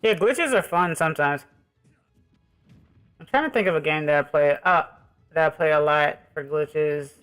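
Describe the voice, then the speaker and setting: A man with a somewhat high voice chats loosely with his viewers while he plays, drifting from one thought to the next. His talk is relaxed and meandering, with faint music underneath. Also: normal speed, pauses often, clean tone. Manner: rambling and easygoing, talking to viewers. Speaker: streamer. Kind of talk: casual live-stream chat while gaming.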